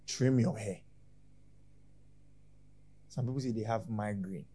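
A man preaching a sermon as pastor, scolding his congregation with rhetorical questions and sudden swings from quiet to loud. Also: medium pitch, measured pace, pauses often, slightly rough.

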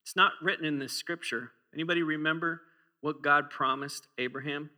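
A male preacher in his forties delivers a sermon in a church with a sharp, very bright voice pitched a little high. He talks in a relaxed, humorous way, telling stories and throwing questions out to the congregation. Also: fairly quick.

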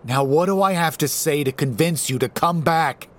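A tense, defiant teenage boy, played by a man, speaks up in a strained, urgent voice. His voice rides higher and louder than a plain speaking voice. He sounds like a scared kid trying to hold his ground in a horror audiobook. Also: normal speed, lightly acted.

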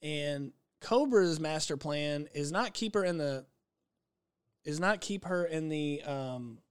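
A man co-hosting a movie podcast in an animated, storytelling way. His voice sits a little high and sounds smooth and resonant. He keeps acting out lines from the film as he goes. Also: takes it slowly. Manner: animated, retells scenes by quoting characters. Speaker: podcast co-host. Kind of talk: casual movie-review chat.

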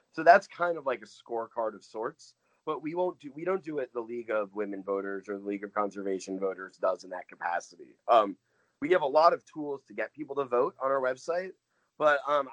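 A man's voice: mid-range voice, dry recording, poor audio. A man speaking as a guest from a voter nonprofit, earnest and thinking aloud with lots of fillers and restarts. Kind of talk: casual conversational interview.

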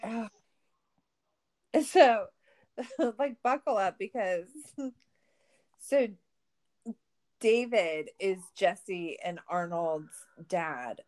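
A woman's voice: medium pitch, drawn-out words, long pauses, a little mellow. A young woman co-hosting a podcast in casual chat, laughing often, swearing and ranting sarcastically. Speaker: podcast co-host.

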